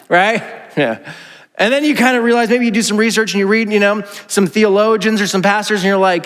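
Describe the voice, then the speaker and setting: A man's voice: high-pitched, a little fast, a bit bright. A man, preaching a chatty, joking sermon to his church and acting out the voices he quotes. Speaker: pastor. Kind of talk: casual conversational sermon. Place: large church hall. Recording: reverberant church hall.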